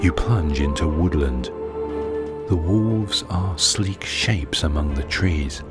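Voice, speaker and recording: A man doing his deep voiceover voice, calmly narrating an immersive second-person scene over a loud music bed. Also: slow pace, exaggerated voice. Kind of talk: deep voiceover narration of a guided running audio.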